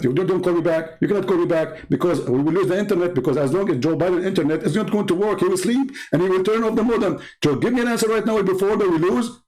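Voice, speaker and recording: A man's voice: high voice, quick pace, hardly any pauses, darkish tone. A man from the Middle East whose first language is Arabic, speaking as a Christian apologist in combative, sarcastic polemic talk that hammers home the same points.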